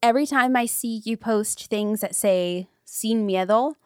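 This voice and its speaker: A young woman hosting a podcast, telling stories in an animated, gushing way during a casual interview. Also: a little high, normal speed, smooth, no room sound, clean studio sound. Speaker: podcast host.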